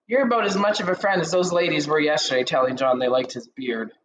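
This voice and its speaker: A woman's voice: sits low, fast talker. Dry-witted woman in an echoey room. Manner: dry, teasing quips. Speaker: co-host of a real estate chat show. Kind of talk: casual coffee chat. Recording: roomy, noisy stream audio.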